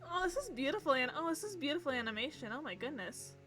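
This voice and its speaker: A woman streamer with a high, bright voice reads a game's narration aloud, talking fast. She keeps interrupting with excitable, gushing reactions, while faint game music plays quietly behind her.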